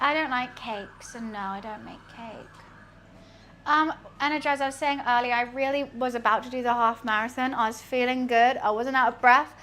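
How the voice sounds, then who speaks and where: A woman's voice: on the high side, steady tone, moderate pace, fairly bright tone, a little hiss or hum. A young British woman streaming, chatting casually and rambling while she cooks, laughing often. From United Kingdom.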